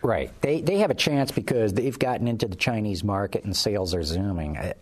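A man's voice: lowish voice, brisk. A man hosting a casual talk show, rambling and restarting his sentences. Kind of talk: casual panel chat.

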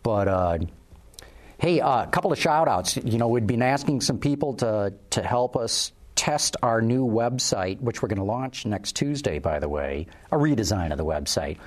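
Relaxed man hosting a show. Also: mid-range voice, normal speed. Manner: relaxed, rambling with restarts. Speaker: talk show host. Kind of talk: casual panel chat.

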